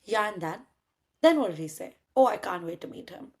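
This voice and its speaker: A woman's voice: mid-range voice, very animated, fairly quick. A young woman from India, telling a dating story in casual chat, acting out both sides of the dialogue and swearing casually. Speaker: podcast host telling a story.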